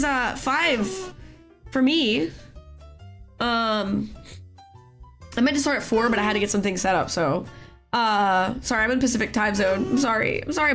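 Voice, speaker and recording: Bubbly hoarse woman streamer. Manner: bubbly, greets chat in high sing-song. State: hoarse after illness. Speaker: streamer hosting an art class. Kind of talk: casual live-stream chat. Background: soft music.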